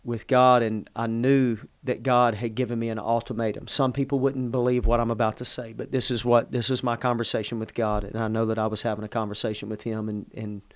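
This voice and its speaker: Speaking briskly with few pauses, this middle-aged pastor uses a flat, mid-range voice to recount something personal in conversation. He comes across as earnest and emotional and keeps interrupting himself to begin sentences again. There's no echo.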